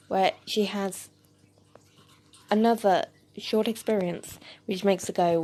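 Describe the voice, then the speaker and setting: A woman's voice: mid-range voice, steady tone, unhurried, warm tone. A woman narrating an amateur audio story, reading plainly with hesitant fillers.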